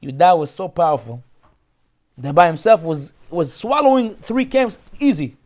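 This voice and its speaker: A man teaching a Torah class as a rabbi, retelling a story in an animated way with many restarts. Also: on the high side, normal speed.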